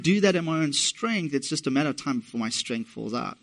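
A man's voice: on the high side, expressive, fairly quick, creaky, fairly bright tone. A middle-aged man from England preaching a sermon, talking conversationally with asides to the congregation. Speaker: pastor.

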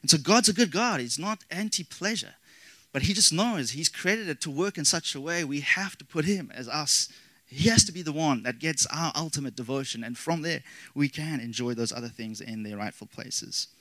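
A man delivers a sermon as pastor, with a bright, forward tone. He speaks earnestly, lifting his emphasis and dropping into casual asides. The sound is dry and close. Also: a little high, expressive, moderate pace, no room sound, rough recording.

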